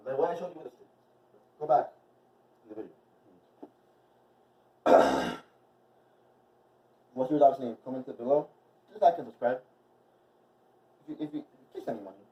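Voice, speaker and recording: A man teaching a movement class in a casual, rambling way, with many fillers. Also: mid-range voice. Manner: rambling, filler-heavy, chatty. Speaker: movement and wellness instructor. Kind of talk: casual instructional vlog. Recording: dull, distant mic.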